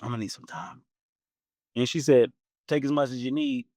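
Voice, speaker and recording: A man in his forties hosting a podcast, telling a personal story in a casual, animated way and laughing often. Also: moderate pace, dry recording. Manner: animated, acts out quoted voices with big pitch jumps. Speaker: podcast host.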